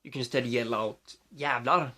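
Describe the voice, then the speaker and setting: A man's voice: mid-range voice, lively intonation, normal speed. A man with a Swedish accent, a native Swedish speaker, vlogging casually into his phone, rambling with many fillers and restarts.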